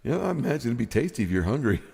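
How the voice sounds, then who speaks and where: A man's voice: medium pitch, sing-song, rapid-fire, creaky, darkish tone, slightly rough, long reverb tail. A man hosting a casual chat show, laughing often and chatting easily. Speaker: host.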